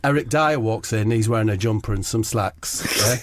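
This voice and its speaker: A man's voice: fairly low pitch, moderate pace, background noise. A man co-hosting a comedy podcast, telling a rambling story in a conspiratorial way and checking in with his listener. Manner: conspiratorial, keeps checking in with "right?" and "yeah?".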